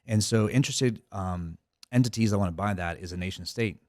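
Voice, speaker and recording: A middle-aged man, head of a cybersecurity company, chats casually as a podcast guest, often using fillers and restarting his sentences. He speaks a little fast in a darkish voice on the low side, recorded cleanly in the studio with no room sound.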